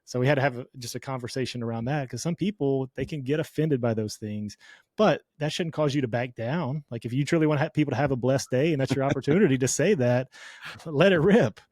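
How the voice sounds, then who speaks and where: Male guest, mid-pitched, dry close mic, earnest and motivational. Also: fairly quick, darkish tone, no echo. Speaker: podcast guest, business owner. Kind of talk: casual faith-focused conversation.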